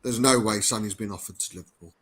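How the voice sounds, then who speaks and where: A man speaking as a guest on a casual football podcast, emphatic but pausing on fillers. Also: lowish voice, a bit bright, husky. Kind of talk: casual fan podcast chat.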